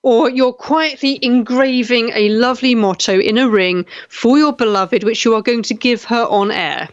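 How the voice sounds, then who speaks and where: A woman's voice: a little high, normal speed. A woman from England co-hosting a casual radio chat, teasing and chatty. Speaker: radio show co-host. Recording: dull lo-fi sound.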